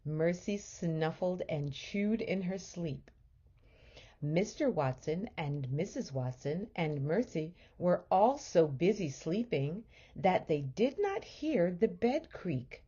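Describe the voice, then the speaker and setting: A woman teacher reads a children's storybook aloud, gentle and expressive. Her voice is low, mellow, and slightly husky, moving slowly with a lively, melodic lilt. The recording sounds muffled and lo-fi.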